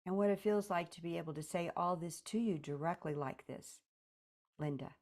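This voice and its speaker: A woman therapist leading a session, gently prompting and directing her client step by step. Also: lowish voice, normal speed.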